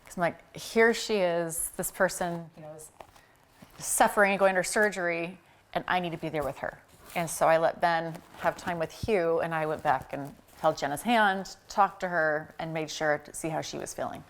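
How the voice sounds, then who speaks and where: Low-voiced woman retelling a family story. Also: normal speed, a little hiss or hum. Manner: conversational, acting out quoted dialogue. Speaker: company co-founder interviewed with her husband. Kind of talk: emotional personal storytelling.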